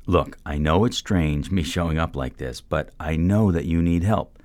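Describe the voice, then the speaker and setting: A man doing a forceful older mentor. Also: rumbling low, moderate pace, dry recording, studio quality. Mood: pressing, forceful. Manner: pressing, drilling questions.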